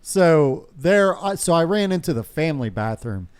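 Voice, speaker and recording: A man's voice: a little high, big pitch swings, moderate pace, a little mellow, clean tone. A man telling a rambling, profane story on a podcast, laughing often as he talks. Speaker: podcast co-host. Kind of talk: casual storytelling among friends.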